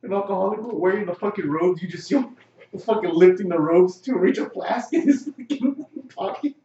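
A man's voice: high voice, fairly quick, mellow. Profane young man telling a story. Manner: profane storytelling, acts out quotes, laughs often. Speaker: podcast co-host telling a story. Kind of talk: casual chat. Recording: roomy, distant, dull lo-fi sound.

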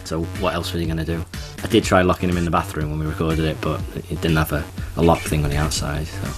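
A very low-pitched man co-hosting a relaxed podcast chat. He talks in a loose, chatty way, often restarting and correcting himself mid-sentence. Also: fast, music in the background. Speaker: podcast co-host. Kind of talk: casual chat.

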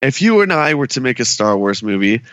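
A man's voice: medium pitch, a little fast, no echo. A man co-hosting a pop culture podcast, telling stories with energy and acting out what people said in a raised voice. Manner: animated storyteller, acts out quotes in raised voice. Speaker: podcast co-host. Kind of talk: casual chat.

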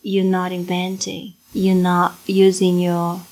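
Slow-talking Brazilian mother, playful. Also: fairly low pitch, completely flat delivery, darkish tone. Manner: teasing, playful. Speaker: podcast co-host. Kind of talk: casual chat.

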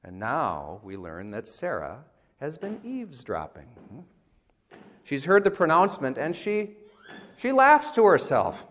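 A man preaches a sermon in a relaxed, wry, conversational way. His voice sits at a medium pitch but rises and falls widely. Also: a little slow. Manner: conversational, wry, acts out quotes. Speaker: pastor.

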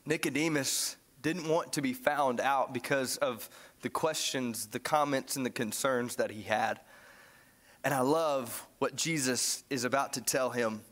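A man preaching a sermon in a church, animated and joking, often restarting his sentences. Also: mid-range voice, unhurried. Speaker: pastor.

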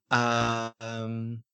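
A man's voice: medium pitch, a bit bright, clear, resonant tone, no room sound. Dry, jokey male podcast co-host. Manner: jokey, laughs often. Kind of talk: casual chat reviewing a documentary. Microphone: remote call.

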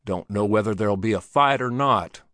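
A man's voice: lowish voice, normal speed, bright, forceful tone, no room sound, clean studio sound. A man voicing grim, curt saloon men in an old Western story.

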